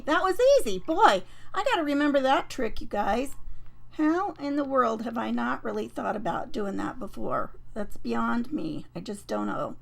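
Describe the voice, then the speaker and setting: A woman hosting a papercraft live stream, chatting casually and rambling with many fillers and restarts, her voice a bit croaky. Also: fairly high pitch. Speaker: host of a papercraft livestream.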